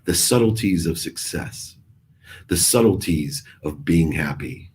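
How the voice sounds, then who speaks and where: A man's voice: deep voice, expressive, a little slow, darkish tone, a little hiss or hum. A middle-aged man giving an emphatic, preachy motivational talk, repeating his phrases for effect. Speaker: motivational speaker.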